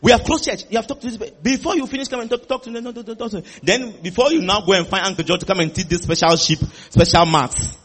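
A male preacher with a high, husky voice delivers an animated sermon. He repeats phrases for emphasis and slips into playful acted-out conversations with the congregation. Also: fast, hardly any pauses. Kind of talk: lively sermon with acted dialogue.

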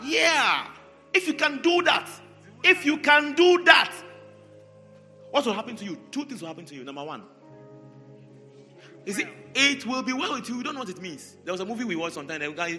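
Male preacher, animated, bright and slightly high voice, reverberant hall. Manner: animated, repetitive, calls out congregants by name. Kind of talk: sermon. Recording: large hall reverb, faint music.

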